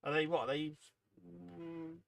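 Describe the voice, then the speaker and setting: A man's voice: fairly high pitch, level tone, unhurried, creaky, no room sound. A man hosting a hobby livestream, chatting casually and reading out viewer comments, rambling and self-deprecating, sounding tired and yawning. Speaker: livestream host.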